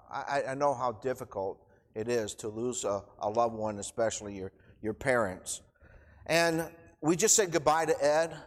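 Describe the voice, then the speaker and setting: A middle-aged man giving an informal, emotional sermon in church, choked up and rambling with restarts. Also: mid-range voice. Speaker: preacher. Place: church hall. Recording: long church reverb.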